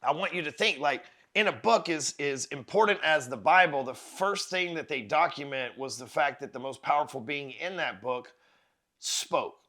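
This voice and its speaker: A podcast host, an adult father of four, delivers a blunt, profane motivational monologue that circles back on its points. He's emphatic and repeats words as he builds each point. His fairly high voice is bright and pushed, at a normal speed.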